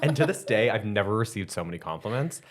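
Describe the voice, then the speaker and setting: A man from Canada co-hosting a podcast, chatting casually and gushing with quick asides. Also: lowish voice, big pitch swings. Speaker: podcast co-host. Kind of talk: casual chat.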